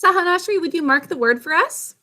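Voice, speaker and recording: A woman's voice: extremely high pitch, lively intonation, fairly quick, sharp tone. A woman teaching a spelling and phonics lesson, sounding out words carefully and praising her pupils often.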